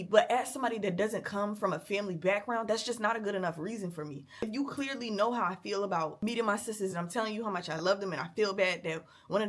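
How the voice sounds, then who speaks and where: A woman's voice: medium pitch, a bit bright. Young woman vlogger, candid emotional rant, cusses freely. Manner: blunt, profane, emotional venting.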